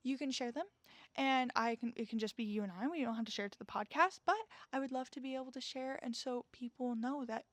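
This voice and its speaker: A woman's voice: high-pitched, fairly even intonation, fast talker, no room sound. A young woman hosting a solo podcast, talking in an earnest, reassuring, chatty way and often checking in with "okay?". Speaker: podcast host.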